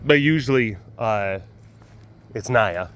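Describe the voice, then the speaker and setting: A big cat sanctuary keeper who hosts the facility's webcast talks casually to camera outdoors at a wild animal facility, his fairly low, fairly bright voice animated but slow. He's chatty and meandering, restarts sentences a lot, laughs often, and now and then imitates animal sounds.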